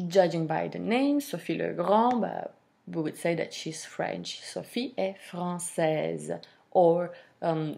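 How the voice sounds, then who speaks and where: A woman teaching a French lesson, explaining slowly with fillers and modelling pronunciation. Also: fairly low pitch, creaky, darkish tone. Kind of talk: language lesson.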